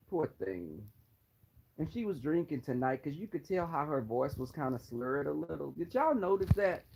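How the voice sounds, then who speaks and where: A man's voice: a little high, sing-song, a little slow, creaky, darkish tone, a little hiss or hum, low-quality recording. A man vlogger roasting someone in a sassy, dramatic way. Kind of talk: sassy commentary.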